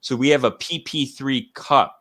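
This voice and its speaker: A man hosting a casual wrestling chat, rambling and animated with quick asides. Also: mid-range voice. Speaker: podcast host.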